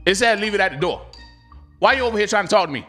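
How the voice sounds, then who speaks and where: Guy putting on a snappy annoyed customer, quick and dismissive, kinda bright voice. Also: high-pitched, expressive, faint music behind. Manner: brusque, fast and dismissive. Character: irritated customer who wants no contact.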